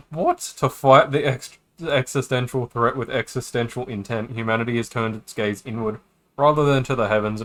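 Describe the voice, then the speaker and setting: A man's voice: mid-range voice, a bit bright. An Australian man streaming a game, reading its dialogue aloud and chatting with casual swearing.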